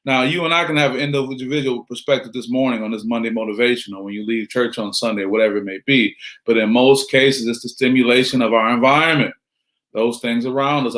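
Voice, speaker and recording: A man's voice: mid-range voice, a bit bright. Middle-aged male motivational speaker, preachy, fond of rhetorical questions. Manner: preachy, rhetorical questions, greets listeners by name. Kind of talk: motivational talk.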